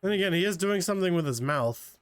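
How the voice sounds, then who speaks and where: A man's voice: sits high, animated, fast talker, smooth, faint music behind. A man casually commentating a game playthrough, joking and thinking aloud about the case. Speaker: game streamer. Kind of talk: casual let's-play commentary.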